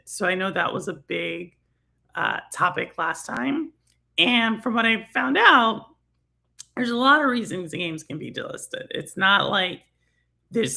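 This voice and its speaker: A woman's voice: lowish voice, vocal fry, bright, forceful tone. A middle-aged woman from Texas with a Texan accent, hosting a casual gaming talk stream and rambling with lots of fillers and laughs. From Houston, Texas. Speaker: livestream host.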